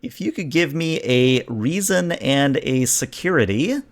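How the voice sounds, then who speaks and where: A man narrating and explaining rules as game master of a science fiction tabletop game, relaxed and explanatory, slowing down for emphasis. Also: mid-range voice.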